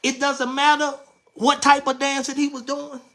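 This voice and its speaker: A woman preaching a sermon as bishop, animated and emphatic, repeating phrases, asking herself questions and breaking into shouts. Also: sits high, moderate pace. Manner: playful rhetorical questions answered aloud.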